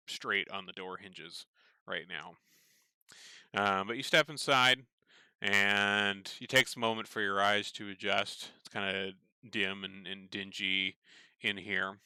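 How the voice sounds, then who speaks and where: A male game master narrates a tabletop game in a meandering, loose way. His voice is low-set but bright and forceful. It sounds crisp and is recorded very dry and close. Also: no room sound. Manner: meandering, many fillers and restarts.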